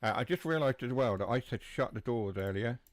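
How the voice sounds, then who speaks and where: A man's voice: medium pitch, expressive, fairly quick, dry recording. A man streaming a train simulator, chatting casually with his viewers as he drives. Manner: chatty, answers chat while driving. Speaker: game streamer. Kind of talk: live gameplay commentary.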